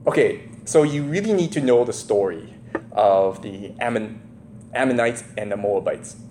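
A man's voice: on the low side, expressive, moderate pace, mellow, slight background noise. A man preaching a sermon in a loose, conversational way, retelling a scripture story and often checking in with the listeners. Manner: loose, filler-heavy retelling with restarts. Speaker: pastor.

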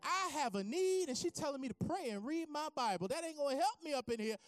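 A sulky, demanding young man in jail, as a preacher acts him out in a sermon. He talks a little higher and louder than the preacher's own voice, in a dry, close recording with no room sound. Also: moderate pace, no room sound, soft background music. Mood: indignant. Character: angry young male prisoner, sulky and demanding.

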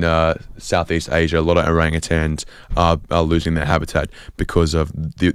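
A man's voice: deep voice, clean tone, no room sound, clean studio sound. Rambling Australian man on late-night radio. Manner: rambling, self-deprecating, full of fillers and restarts. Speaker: radio host. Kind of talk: comedic rambling monologue. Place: community radio studio.

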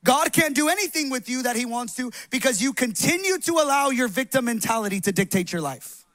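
A young male pastor preaches with a very high voice and a bright, ringing edge. He speaks loudly and with animated passion in a church hall, pushing his congregation to act. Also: a little fast. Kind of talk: sermon.

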